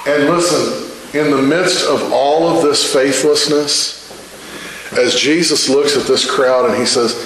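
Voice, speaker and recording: A male preacher delivers his sermon with fervent conviction, hammering each point home through repetition. His voice sits at a middle pitch and rings out in an echoey church room. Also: normal speed, a bit bright, a little hiss or hum. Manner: fervent preaching with repeated phrases.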